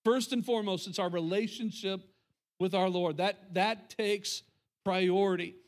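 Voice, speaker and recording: Man, pastor, sermon, high voice, emphatic, repeats himself, middle-aged. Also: fairly even intonation, measured pace. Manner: emphatic, repetitive, talks to the congregation.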